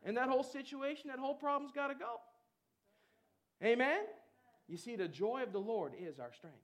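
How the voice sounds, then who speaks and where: Male preacher, high voice, exuberant, bursts of laughter. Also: normal speed. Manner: exuberant, bursts into loud laughter, repeats words. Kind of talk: sermon.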